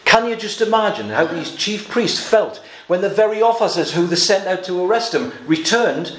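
A man's voice: sits high, animated, moderate pace, fairly bright tone. A man preaching a sermon, explaining Bible passages verse by verse with a touch of humor. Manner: expository Bible teaching with light humor. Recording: echoey room, faint background noise.

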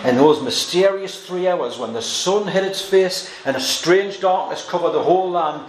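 A man preaching an expository Bible sermon, earnest, moving between quiet reading of scripture and emphatic exclamations. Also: high voice, moderate pace. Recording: echoey room with faint ambient noise.

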